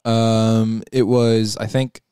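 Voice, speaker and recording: A man's voice: fairly low pitch, flat delivery, takes it slowly, dark tone, clean tone, dry recording, studio quality. A man from Long Island co-hosting a podcast, talking with his brother in an exasperated way and swearing freely. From Long Island, New York. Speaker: podcast co-host. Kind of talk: casual chat between brothers.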